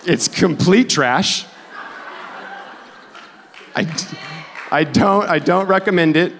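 A man's voice: high-pitched, slow, a bit bright, a little hiss or hum. A man in his forties, a pastor giving a conversational sermon in a church, joking and self-deprecating as he talks. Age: 40s. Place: church sanctuary. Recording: long reverb of a church hall.

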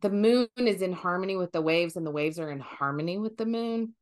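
Animated lowish-voiced woman podcast host. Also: a little fast. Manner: animated, thinks aloud with fillers and restarts. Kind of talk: casual conversational podcast.

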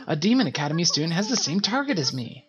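A woman's voice: lowish voice, sing-song, quick pace, a bit bright, dull audio, soft background music, pitched above the performer's own voice. Woman reading as an eager young angel trainee. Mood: earnest.

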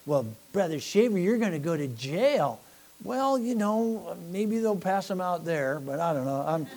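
Middle-aged male preacher, mellow and slightly high, rambling and self-deprecating, stammers on repeats. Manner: rambling, self-deprecating, repeats words, swings from quiet to loud. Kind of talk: folksy sermon.

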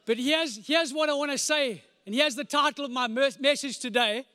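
A man in his forties, a pastor preaching with animated, comic storytelling, sound effects and repeated phrases. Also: very high voice, normal speed, dry recording, clean studio sound. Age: 40s. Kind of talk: storytelling sermon.

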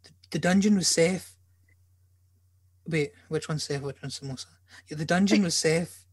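A man's voice: on the high side, normal speed, husky, no room sound. Joking man hosting a podcast. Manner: joking, rambling storyteller, swears freely. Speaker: podcast host. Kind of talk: casual chat.

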